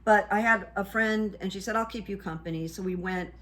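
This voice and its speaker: A woman's voice: medium pitch, brisk, a bit bright. An older woman, a vlogger, telling a casual story to her viewers in a chatty, meandering way with many ums and uhs. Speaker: vlogger and hypnotherapist.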